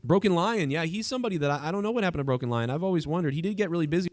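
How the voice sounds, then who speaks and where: A man's voice: a little high, animated, rapid-fire, no echo. A man hosting a livestream in casual chat, rambling with frequent restarts and trailing thoughts. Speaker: livestream host.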